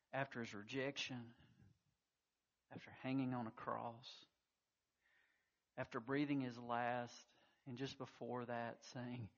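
A man's voice: medium pitch, dull audio. A man preaching a sermon, telling a scripture story with emphatic surges of intensity. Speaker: pastor.

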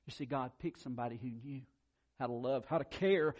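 A pastor preaching a sermon, animated, swinging from loud emphasis to quiet asides and doubling his words when excited. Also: medium pitch, fairly quick.

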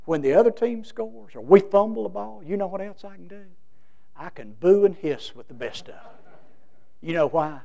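Folksy high-voiced preacher. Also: male voice, lively intonation, normal speed, creaky, dark tone. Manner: folksy, emphatic preaching with acted quotes. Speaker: pastor. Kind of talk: sermon.

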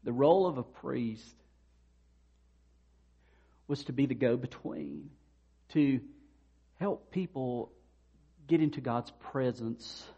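This pastor's mid-range voice is husky and slow, broken by long pauses, and the recording sounds muffled. Preaching conversationally, he acts out the people in the stories he tells with lively dialogue.

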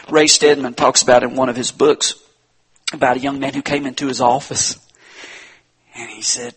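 Impassioned husky male preacher. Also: mid-range voice, steady tone, normal speed, long pauses. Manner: impassioned, swinging from loud appeals to hushed tones. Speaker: pastor. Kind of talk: sermon.

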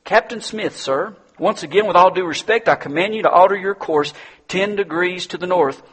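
Young male private, polite, firm, unbending, husky, fairly high, a man playing him. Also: moderate pace, a bit bright, long reverb tail, poor audio. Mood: politely firm. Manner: politely insistent. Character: calm young male lighthouse keeper, polite but firm.

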